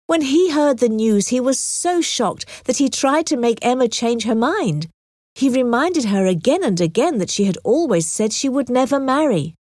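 A woman narrating an audiobook with clear, expressive storytelling. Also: a little high, moderate pace, dry recording, studio quality.

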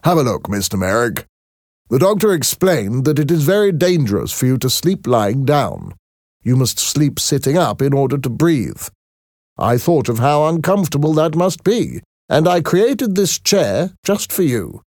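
A man's voice: mid-range voice, very animated, moderate pace, a little mellow, dry recording, clean studio sound, voice pushed up. A man voicing a thoughtful male engineer who explains things earnestly.

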